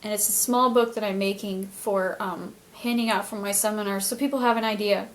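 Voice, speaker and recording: A woman's voice: medium pitch, steady tone, brisk. A woman vlogger telling a personal story in an earnest, emotional way, faltering and restarting often.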